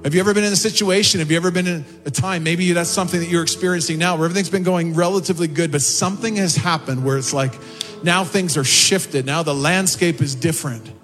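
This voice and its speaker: High-voiced male pastor preaching. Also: fairly even intonation, fast talker. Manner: impassioned preaching, rising in pitch on quotes and prayers. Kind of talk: sermon. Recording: long hall reverb with faint music behind. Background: soft music.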